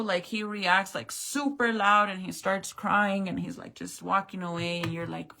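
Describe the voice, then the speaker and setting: A woman's voice: fairly low pitch, expressive, unhurried, gravelly, few pauses, sharp tone, a little hiss or hum. A woman vlogger recounting a story in casual, emotional chat, swearing freely and saying "like" and "bro" a lot. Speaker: makeup vlogger.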